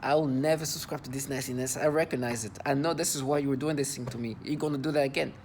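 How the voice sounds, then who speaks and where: A man's voice: medium pitch, fairly even intonation, darkish tone, slight background noise. A man talking to camera in an agitated personal monologue, indignant and disgusted, stumbling and repeating words as he goes. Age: adult. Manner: halting, repeats and restarts words. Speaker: vlogger.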